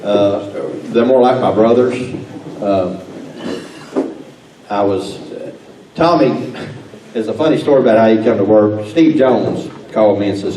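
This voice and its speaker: A man's voice: medium pitch, warm tone. A man with a Texas accent, a sheriff giving a folksy, laughing speech at an awards dinner. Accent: Texan. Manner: folksy, drawling, laughs while telling stories. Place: banquet hall. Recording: roomy banquet hall, picked up from a distance.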